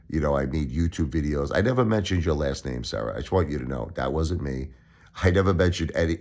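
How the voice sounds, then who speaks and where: An older man from Brooklyn, talking straight to camera in an aggrieved, pleading monologue that repeats its points. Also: extremely low pitch. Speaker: YouTuber.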